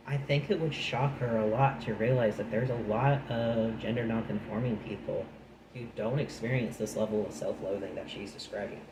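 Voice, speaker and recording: A man with a fairly low voice reads a nonfiction book aloud, then drifts into chatty, dry remarks of his own. The recording is echoey, with steady noise behind him. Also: normal speed. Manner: breaks off from reading into chatty, dry asides. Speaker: channel host reading a book aloud. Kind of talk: reading a nonfiction book aloud with casual commentary.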